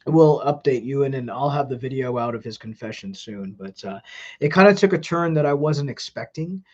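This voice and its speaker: A man's voice: medium pitch, animated, normal speed, darkish tone, lo-fi sound. A man hosting a live stream, talking casually and rambling with many ums.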